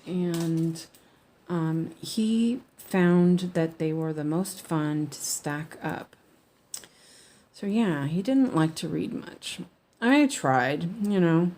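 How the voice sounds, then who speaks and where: A woman's voice: deep voice, takes it slowly, a little mellow, a little hiss or hum. A woman chatting casually while she cross-stitches at home, rambling with lots of fillers and restarts. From United States.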